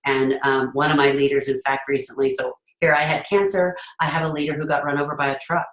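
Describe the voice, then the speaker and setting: A middle-aged woman coaching her listeners in an earnest, casual way, her voice sitting very low for a woman. She is recorded in an echoey room. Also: level tone, fast talker, a bit bright. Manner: earnest, acts out parents' voices. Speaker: host, leadership coach. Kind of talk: casual talk to an audience.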